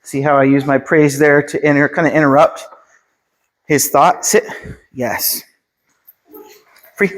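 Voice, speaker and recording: A man working as a dog trainer, calmly explaining his methods and giving short commands and praise to a dog. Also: fairly high pitch, a little slow, pauses often. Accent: Pennsylvania. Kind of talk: instructional dog training video.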